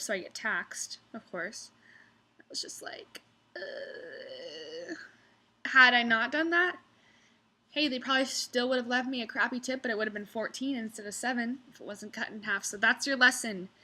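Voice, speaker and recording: A woman's voice: on the high side, sharp tone. A young woman who works as a restaurant server, ranting casually about customers and mimicking them in exaggerated voices. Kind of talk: casual storytelling vlog.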